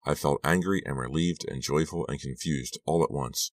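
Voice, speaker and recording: Narrating an audiobook, a man with an extremely deep voice tells the story in a steady, measured way. It's scripted narration, recorded close and completely dry with no room echo.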